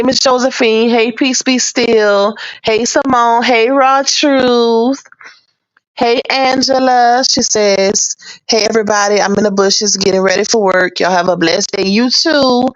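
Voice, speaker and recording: A livestream host greets her viewers by name, chatting and laughing casually while sounding a little under the weather. Her voice is a little high, fairly bright, and smooth, with no room sound, though the stream audio is dull and lo-fi.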